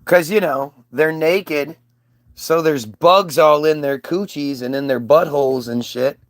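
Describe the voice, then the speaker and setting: A man's voice: a little high, unhurried, no room sound, clean studio sound. A male comedian telling a crude, rambling comic story with frequent restarts.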